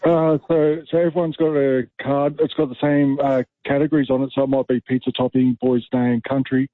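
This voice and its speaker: Australian male caller, easygoing, flat delivery, tinny phone line. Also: mid-range voice, brisk, no room sound. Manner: easygoing, explaining. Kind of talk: phone-in call.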